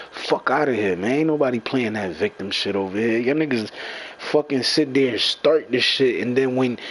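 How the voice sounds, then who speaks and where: A man's voice: mid-range voice, husky, poor audio. A young man in a heated, profane rant to his followers. He talks in a mid-range voice, circles back over the same points, and keeps turning on his critics. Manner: profane, repetitive, confrontational. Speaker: gamer venting to followers. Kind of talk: angry rant.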